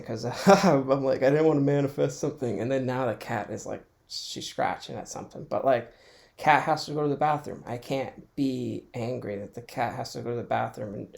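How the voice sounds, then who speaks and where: Gravelly man musing solo on his podcast. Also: medium pitch, darkish tone. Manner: rambling and reflective, restarts thoughts, chuckles often. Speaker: podcast host. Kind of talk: casual solo monologue. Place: home.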